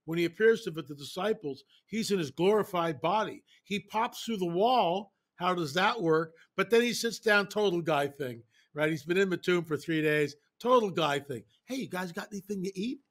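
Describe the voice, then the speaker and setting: Sex: man. Role: interview guest. Style: casual storytelling. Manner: animated, emphatic, repeats phrases. Pitch: a bit high. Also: normal speed, few pauses.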